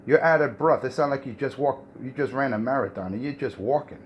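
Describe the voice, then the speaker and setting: A man's voice: mid-range voice, fairly quick, lo-fi sound, slight background noise. A man on a CB radio mocking and lecturing another operator, repeating "man" as he talks. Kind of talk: trash-talking radio banter.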